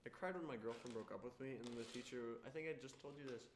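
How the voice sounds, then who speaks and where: A man's voice: medium pitch, fast. Young male co-host, crude blunt teasing, roomy sound with faint noise. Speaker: podcast co-host. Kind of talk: casual chat.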